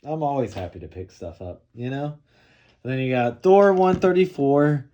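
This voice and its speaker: A man casually showing off and talking through comic books he bought, in a relaxed, rambling way with frequent fillers. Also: mid-range voice, moderate pace, dull audio. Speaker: comic book collector showing his haul. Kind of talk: casual show-and-tell vlog.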